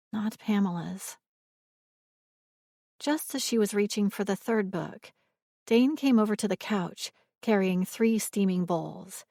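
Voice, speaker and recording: A woman narrating a romance audiobook in a measured, expressive reading. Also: medium pitch, no room sound, studio quality.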